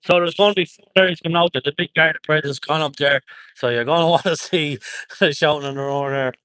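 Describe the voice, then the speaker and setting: A slightly high, somewhat bright male voice moves at a quick pace. It belongs to an Irish livestreamer outdoors at a protest, phone held close, who reads viewer comments and thanks people by location in an upbeat way.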